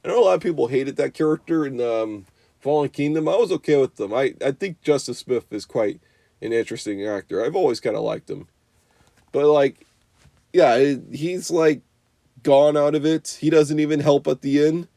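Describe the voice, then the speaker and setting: Young male reviewer, raised mellow voice, dry sound, loose and profane rant style. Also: a little high, normal speed, creaky, no echo. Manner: profane, rambling, full of "you know" and "like". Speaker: movie reviewer. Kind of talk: unscripted rambling rant.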